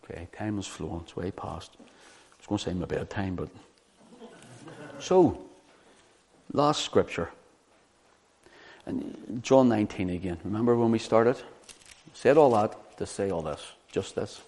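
A man preaching a sermon, teaching from the Bible in an animated way and often asking the listeners rhetorical questions. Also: on the low side, a little slow, pauses often.

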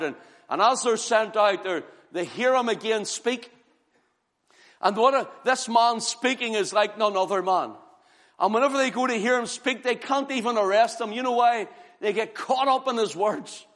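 Fervent high-voiced male preacher, echoing hall. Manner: fervent, rhythmic, swings from loud cries to hushed tones. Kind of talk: revival sermon. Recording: long hall reverb.

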